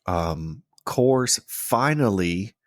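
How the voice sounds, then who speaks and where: A man with a lowish voice talks in a relaxed, rambling way on his podcast, tossing in casual swears. The sound is dry and close, with no room around it. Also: very slow, dry recording. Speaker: podcast co-host. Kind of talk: casual chat.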